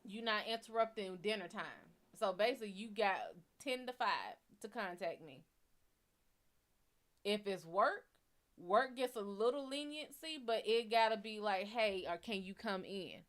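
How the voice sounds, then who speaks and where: A woman's voice: mid-range voice, a little slow, a bit bright. A woman hosting a show, telling a story in a blunt, profane and heated way. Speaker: psychic reader and show host. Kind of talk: casual storytelling.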